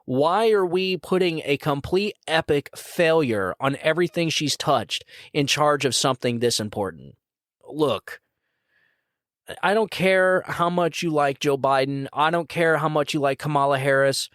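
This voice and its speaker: A man's voice: fairly high pitch, animated, measured pace, a bit bright, no room sound, studio quality. Blunt, indignant male podcast host. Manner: blunt, indignant, repeats "come on, man". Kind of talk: opinionated political commentary.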